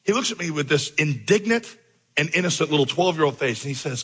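A man preaching a sermon, spinning a story and acting out its dialogue. His voice is bright and a little husky, and it sits somewhat high for a man. It rings out with a long reverb, as in a large church hall. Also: lively intonation, quick pace. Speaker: pastor.

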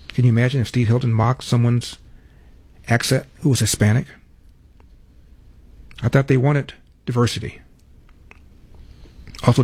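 A man hosting a talk radio show, giving assertive, rapid political commentary. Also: mid-range voice, a little mellow, husky, no echo.

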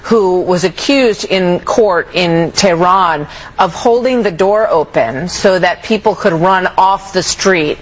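Male interviewer, high-pitched, probing and quick. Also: low-quality recording. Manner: probing, quick follow-up questions.

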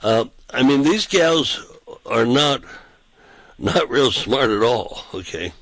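A man's voice: mid-range voice, lively intonation, slow pace, a bit bright, no echo, poor audio. A man who is a pastor and street preacher, telling anecdotes casually and acting out the quotes in a raised voice. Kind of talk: casual storytelling on a talk show.

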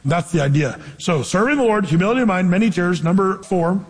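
A pastor's voice sits high and swings widely in pitch as he preaches at a fairly quick clip. He addresses the crowd conversationally, asking rhetorical questions and shifting his loudness, and the sound echoes with long reverb through a large hall.

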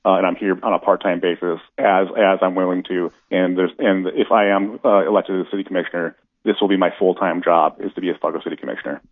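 A man with a very low voice speaks fast, tripping over restarts as he makes his case. The sound is a dry, thin phone line. He is a candidate calling in from afar. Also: steady tone, no echo. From North Dakota. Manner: rapid, halting restarts. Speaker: city commission candidate. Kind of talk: phone-in radio interview.

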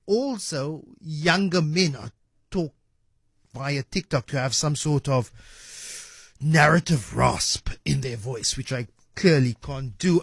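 A South African man hosts a talk radio show, his voice pitched fairly high. He muses conversationally with playful asides, recorded close and dry in a studio. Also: fairly bright tone, no room sound. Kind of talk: radio interview. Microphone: studio microphone.

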